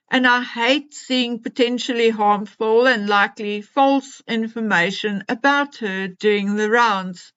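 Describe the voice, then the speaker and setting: Slow, earnest woman vlogger. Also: a little high, a bit bright. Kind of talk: casual chat to subscribers. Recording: dull lo-fi recording.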